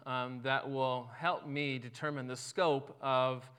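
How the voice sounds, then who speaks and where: A man voicing a calm male doctor who explains a simple test, in a measured way. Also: medium pitch, smooth. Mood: instructing.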